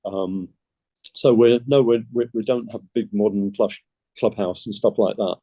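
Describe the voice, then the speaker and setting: A man's voice: on the low side, steady tone, moderate pace, mellow, no echo. A man, a golf club secretary, chatting in an interview and telling easygoing anecdotes. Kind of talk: casual interview storytelling.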